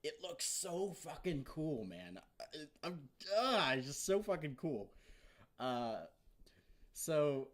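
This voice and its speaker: A man excitedly recapping a TV episode in a casual, rambling way, swearing often and leaning on filler words. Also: on the high side, slow pace. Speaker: vlogger reviewing an episode.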